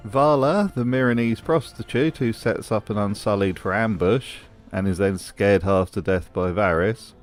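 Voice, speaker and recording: A man's voice: on the low side, normal speed, few pauses, faint music behind. A man delivering scripted commentary as a video host, in a dry, mocking manner.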